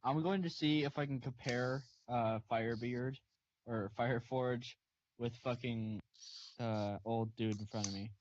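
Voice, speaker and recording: A man's voice: medium pitch, fairly even intonation, measured pace, a little hiss or hum. Joking male player on a dull mic. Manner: laughing, swearing, joking. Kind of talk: casual tabletop game play.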